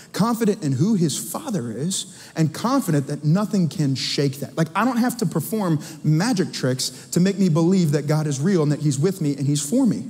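A man delivering a church sermon, his voice pitched high for a man. He preaches in an animated, conversational way, teasing and questioning the congregation. The sound carries a long reverb from a large church hall. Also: husky. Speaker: pastor. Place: church sanctuary.

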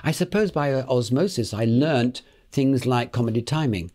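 A British actor around eighty, telling lively stories in an interview, chuckling and acting out the other people's voices. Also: male voice, medium pitch, moderate pace. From Britain. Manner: lively raconteur, acts out the voices in his anecdotes, chuckling, repeats words. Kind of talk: anecdotal interview storytelling.

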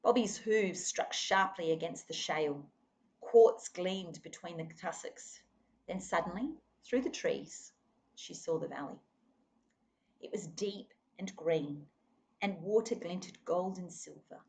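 A woman's voice: fairly low pitch, takes it slowly, darkish tone, a little hiss or hum. A woman reading a children's novel aloud expressively, now and then speaking to her listeners. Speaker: reader.

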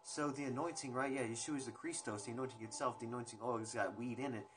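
There's background noise and music behind this young man's mid-range voice, which stays fairly even in intonation at a quick pace. Hosting a casual phone livestream from home, he chats loosely with viewers and rambles across topics, sometimes swearing.

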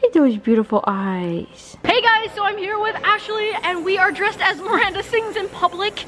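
High-voiced bubbly woman vlogging. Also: animated, moderate pace, fairly bright tone, a little hiss or hum. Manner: bubbly, coos at her puppy. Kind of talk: casual vlog chat.

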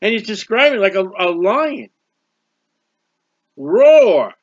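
High bright-voiced male preacher. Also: a little slow, dry recording, dull audio. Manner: expressive Bible reading with commentary, stretches words. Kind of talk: sermon.

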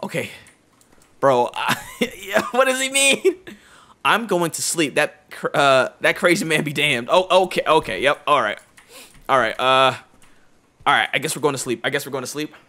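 Brief: excitable young male gamer, bright and higher-pitched, jumpy horror-game commentary. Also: normal speed. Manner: jumpy, excitable, slangy, repeats himself.

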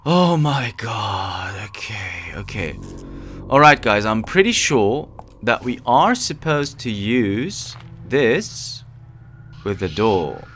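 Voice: medium pitch, sing-song, takes it slowly, fairly bright tone, slight background noise. A let's play gamer giving casual gameplay commentary, easily spooked and full of nervous exclamations.

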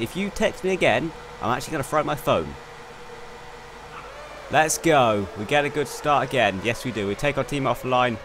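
A young man commentating on his own racing game run, excitable and quick to swear in frustration. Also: on the high side. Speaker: gaming YouTuber. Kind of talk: gameplay commentary. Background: faint game car engine noise.

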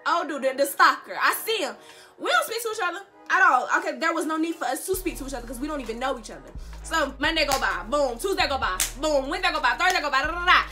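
A young woman spins a dramatic storytime tale for her viewers. Her voice sits high and bright, with a sharp edge. She talks in casual slang, circles back to repeat her lines for emphasis, and a faint bed of music plays underneath. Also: animated, fast. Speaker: vlogger. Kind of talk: storytime vlog.

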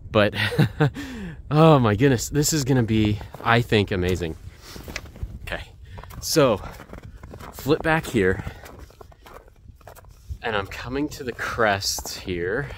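Guy hiking a snowy trail, lowish voice, all gushy and excited, faint outdoor hiss. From United States. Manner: excitable, gushing, repeats himself. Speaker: hiking photography vlogger. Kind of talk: excited vlog narration while hiking.

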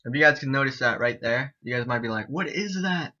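A young man chatting excitably and repeating himself as he gives casual commentary on a game he is playing. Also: medium pitch, quick pace. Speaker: gaming YouTuber. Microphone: desk mic, no headset. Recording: dull lo-fi home recording.

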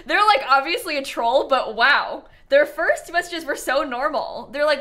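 A woman's voice: high-pitched, big pitch swings, moderate pace, few pauses, pushed and bright. A woman streamer chatting casually through her gameplay, giggling often and talking back to her chat.

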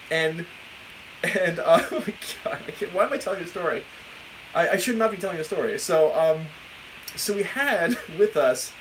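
A man's voice: high voice, fairly bright tone, a little hiss or hum, low-quality recording. A man, a guitar teacher chatting casually on a live stream, rambling and laughing through a story. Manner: rambling, self-interrupting, laughs often while telling stories.

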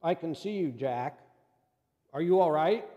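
A man voicing God as a calm, patient presence, speaking gently but firmly. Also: fairly high pitch, unhurried, big-room sound, lo-fi sound.

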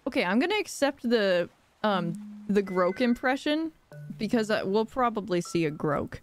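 A young woman live-streaming a game playthrough, playful and giggly, reacting out loud. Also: medium pitch, animated, moderate pace, soft background music.

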